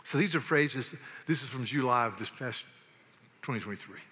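Bright pastor preaching in a hall. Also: male voice, mid-range voice, normal speed. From American South. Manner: emphatic, folksy, repeats words when pressing a point. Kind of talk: sermon. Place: church sanctuary. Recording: long reverb of a church hall.

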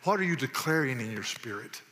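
A man's voice: medium pitch, animated, brisk, sharp tone. A man from the South, preaching a sermon in a church in an emphatic, folksy way and repeating words as he presses a point. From American South. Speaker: pastor. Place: church sanctuary. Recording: long reverb of a church hall.

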